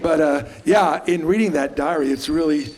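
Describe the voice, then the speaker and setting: A man's voice: on the high side, moderate pace, darkish tone. A man interviewing a guest onstage, speaking in a loose, rambling way. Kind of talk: casual onstage conversation.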